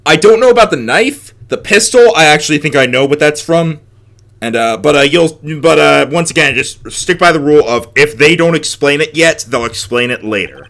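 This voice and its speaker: A man's voice: a little high, lively intonation, moderate pace, creaky, fairly bright tone. A young man co-hosting a let's play, chatty and teasing, often restarting his sentences. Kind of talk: casual gaming chat.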